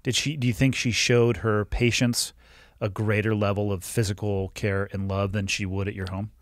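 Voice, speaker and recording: A man with a low voice, recorded dry and close, hosting a podcast. He asks reflective, probing follow-up questions and thinks aloud as he goes. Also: level tone, moderate pace, dry recording. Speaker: podcast host. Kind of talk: interview questions.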